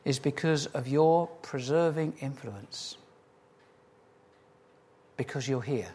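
A man preaching a sermon as pastor, emphatic, repeating key phrases and slowing for stress, then leading a prayer. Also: fairly high pitch, a little mellow, breathy edge.

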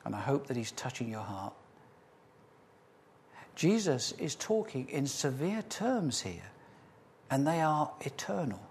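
A man preaching a sermon as pastor, emphatic, repeating key phrases and slowing for stress, then leading a prayer. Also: medium pitch, big pitch swings, a little mellow, breathy edge.

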